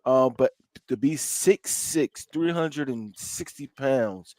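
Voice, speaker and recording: A man's voice: mid-range voice, takes it slowly, darkish tone, no room sound. Stammering man co-hosting a sports podcast. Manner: repeats words as he starts sentences. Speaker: podcast co-host. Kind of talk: casual sports chat.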